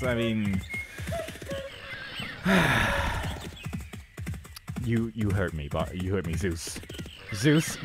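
A young man doing comedic game commentary, exasperated and sarcastic, complaining melodramatically at the game. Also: fairly low pitch. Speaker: let's play commentator.

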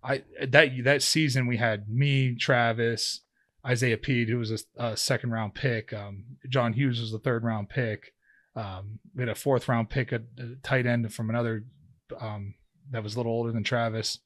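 His pitch is medium, his tone fairly bright, his intonation fairly even, and he talks at a normal speed. The thirties-aged former professional football player, guesting on a podcast, loosely spins a long interview story packed with fillers and false starts.

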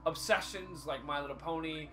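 A young man co-hosting a podcast in casual chat, an animated storyteller who swears freely and says "like" often. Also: on the high side, moderate pace, soft background music. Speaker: podcast co-host.

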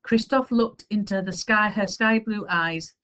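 A woman reading a children's chapter book aloud with expressive storytelling. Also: mid-range voice, a little slow, lo-fi sound. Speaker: story reader.

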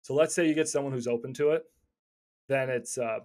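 Energetic man giving casual advice. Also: medium pitch, fairly quick. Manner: energetic, stumbling repeats, slips into acted phone calls. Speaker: real estate investor teaching cold calling. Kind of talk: casual instructional talk.

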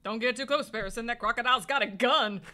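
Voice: mid-range voice, fast talker, sharp tone, faint music behind, close to an everyday voice. A player voicing a hot-tempered male falcon lawyer who snaps back indignantly. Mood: scheming. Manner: indignant, snappy.

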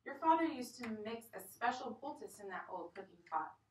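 A woman's voice: on the high side, big pitch swings, moderate pace. A humble old peasant grandmother asks politely for help, as a woman puts her on. The voice is distant and echoey. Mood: pleading. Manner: polite and pleading. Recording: echoey room from far off.

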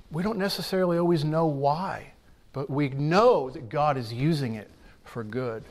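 Male pastor, fairly high voice, earnest sermon delivery, emphatic with deliberate pauses, church setting.

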